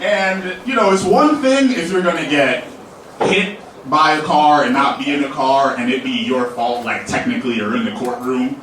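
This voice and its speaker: A man's voice: mid-range voice, moderate pace, background noise. A young man doing a loose, profane stand-up set in a comedy club, laughing at his own jokes. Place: comedy club main room. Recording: echoey club room, mic at a distance.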